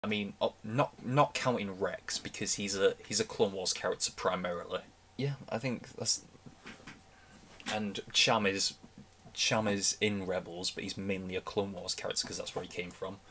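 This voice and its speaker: A man's voice: low voice, steady tone, moderate pace, fairly bright tone, slight background noise. A young man giving a casual, rambling reaction commentary, often restarting his sentences as an enthusiastic fan. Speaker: reaction video host.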